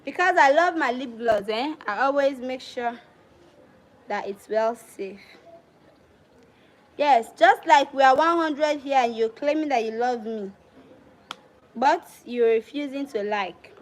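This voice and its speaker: A high-pitched young woman with a Sierra Leonean Krio-tinged accent, chatting casually on a livestream. She speaks directly to her viewers in a chatty way and mixes Krio phrases into her English. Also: measured pace, long pauses, low-quality recording. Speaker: livestream host.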